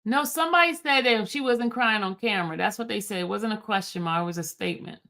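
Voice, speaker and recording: Woman, livestream host, casual recap voice, average pitch, talks to viewers. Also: fast talker, gravelly, bright, forceful tone. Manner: stumbles over legal wording while reading aloud. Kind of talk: livestream recap, reading court filings and answering chat.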